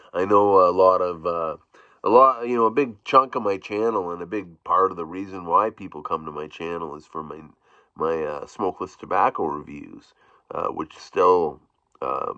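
A man chatting casually in his own vlog, rambling with frequent restarts and soft chuckles. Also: sits low, no echo. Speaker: YouTube vlogger. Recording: dull, dry, lo-fi sound.

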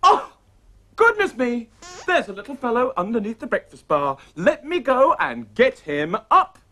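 A man's voice: very high-pitched, big pitch swings, measured pace, sharp tone, poor audio. A middle-aged man hosting a children's TV puppet show, playful and chatty as he talks to his puppets. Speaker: puppeteer host.

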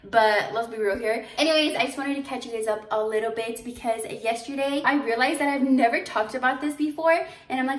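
A woman's voice: a little high, a little fast, few pauses, recorded from a distance. A young woman, a boutique owner, chatting casually to her vlog camera and telling stories with lots of fillers. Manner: chatty, animated storytelling with fillers. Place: her boutique store, indoors. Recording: echoey room, voice off-mic.

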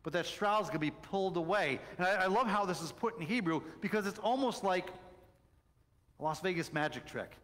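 A middle-aged man preaching a sermon as pastor, telling stories animatedly and swinging between loud excitement and soft, hushed moments. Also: high voice, brisk. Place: church sanctuary. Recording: long church reverb.

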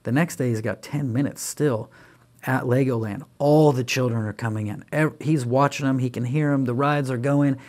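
A man's voice: medium pitch, normal speed. A middle-aged man speaking as a podcast guest, telling parenting stories and acting out what he says to his kids. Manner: animated, acts out quoted dialogue with his kids. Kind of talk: conversational storytelling.

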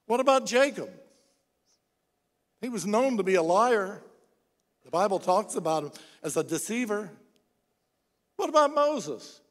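A man with a high voice preaches in a church, his words ringing with a long reverb through the hall. He tells Bible stories and acts out the speakers' lines. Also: measured pace, pauses often. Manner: animated storytelling, acts out quoted voices. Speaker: pastor. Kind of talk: sermon. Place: church sanctuary.

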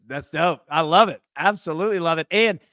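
A man's voice: fairly high pitch, brisk, sharp tone, dry recording. A man co-hosting a live sports betting show, upbeat as he explains picks and announces new content. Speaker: co-host.

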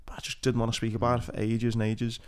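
A man's voice: medium pitch, monotone, fast talker, smooth. A man speaking frankly and bluntly, with plenty of swearing, in a casual podcast chat.

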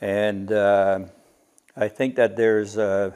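A man's voice: lowish voice, flat delivery, slow, a little mellow, smooth. A man casually showing and explaining his homemade workshop gadget, walking through the technical details step by step. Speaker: DIY maker. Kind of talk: casual workshop show-and-tell.

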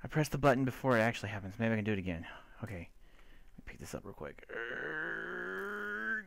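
A young man giving excitable, cursing gameplay commentary and talking to himself as he plays. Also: mid-range voice, brisk, vocal fry, pauses often, no echo. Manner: excitable, swearing, talks to himself and the mobs. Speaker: let's player.

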